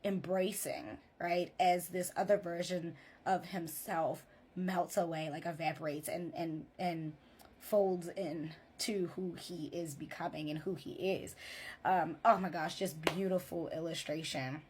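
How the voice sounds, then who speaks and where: A woman's voice: fairly low pitch, fairly even intonation, measured pace, darkish tone, a little hiss or hum. A woman therapist chatting in a casual vlog, retelling a story and often checking in with "right?".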